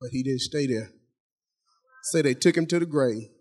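A man's voice: mid-range voice, normal speed, darkish tone. A middle-aged man preaching a sermon in a folksy, conversational way, talking straight to the congregation and repeating phrases for emphasis. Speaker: pastor.

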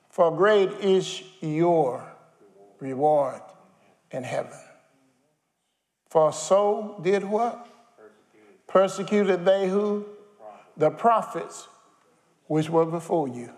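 A man's voice: a little high, drawn-out words, long pauses, darkish tone. A man preaching a sermon, firing questions at his congregation. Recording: long hall reverb.

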